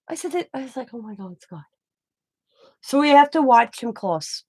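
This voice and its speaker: A woman's voice: high-pitched, animated, normal speed, pauses often, darkish tone, breathy edge, dry recording. A middle-aged woman, casually chatting and telling a rambling family story full of quoted back-and-forth. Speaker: craft channel host. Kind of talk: casual chat to camera.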